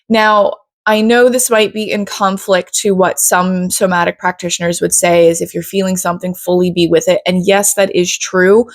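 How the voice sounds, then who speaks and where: A woman's voice: mid-range voice, gravelly, dry recording, studio quality. A woman coach teaching a casual lesson, chatty and blunt, often checking in with her listeners. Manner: chatty, often says "right?" and "you guys". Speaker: self-development coach.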